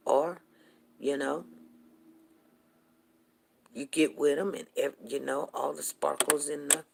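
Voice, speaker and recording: A woman in her forties hosting a show, telling a long personal story to her viewers in a chatty, animated way with quick laughs. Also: deep voice, gravelly, background noise. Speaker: show host.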